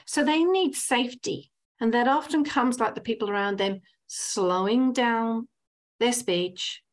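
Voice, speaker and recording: Animated woman counsellor with a lively voice. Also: fairly high pitch. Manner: animated, acts out little scenes with lively voices; frequent tag "right?". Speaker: counsellor and hypnotherapist guest. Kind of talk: conversational interview.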